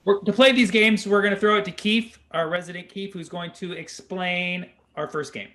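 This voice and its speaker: Relaxed, giggly show host. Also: medium pitch, moderate pace. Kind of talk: casual chat.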